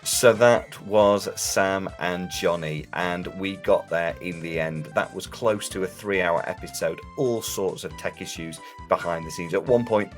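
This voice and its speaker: Podcast host, male, very low voice, earnest and chatty, faint music underneath. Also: measured pace, hardly any pauses. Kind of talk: casual podcast chat and outro. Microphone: remote call.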